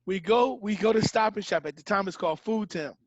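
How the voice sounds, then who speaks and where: Podcast co-host, man in his thirties, high voice, lively storyteller, dry muffled recording. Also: a little fast, no room sound. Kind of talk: casual storytelling chat.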